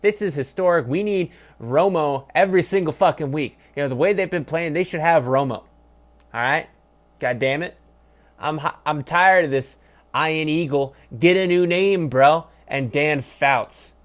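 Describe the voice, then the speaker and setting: A man's voice: a little high, moderate pace. Profane young man ranting about football. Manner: profane, rambling, mocking, swings from loud to mumbled. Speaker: sports podcast host. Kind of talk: casual solo game review rant.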